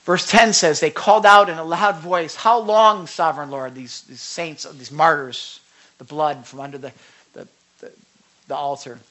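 A preacher giving a sermon, emphatic and conversational, swinging between loud declarations and hushed asides. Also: medium pitch, steady tone, normal speed. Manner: conversational with repeated asides and restarts.

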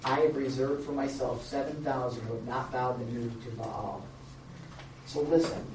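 A man preaching a sermon to a live group, animated, acting out the quotes and adding joking asides. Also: a little high. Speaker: pastor. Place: church or meeting room with a live audience. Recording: roomy, distant, dull sound with faint noise.

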